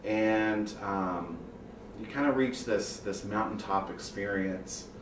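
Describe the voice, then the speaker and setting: A man's voice: fairly low pitch, takes it slowly, recorded from a distance, noisy background. A man thoughtfully recalling revival meetings from his childhood in an interview. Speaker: choir member. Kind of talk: reflective interview talk. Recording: roomy, off-mic with faint ambience.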